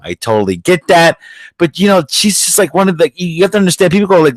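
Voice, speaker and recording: A man's voice: sits high, big pitch swings, quick pace, no room sound, low-quality recording. A man hosting a podcast, ranting aggressively with heavy swearing and mocking the people he talks about. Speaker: podcast host. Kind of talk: profane ranting commentary.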